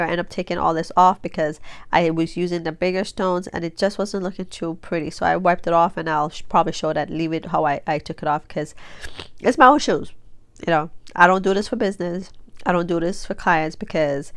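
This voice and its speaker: A woman in her forties, stuffy-nosed after sneezing, chats through a casual craft tutorial for her vlog, rambling with many fillers and restarts. Her voice is lowish and a bit bright, clean in tone, with no room sound.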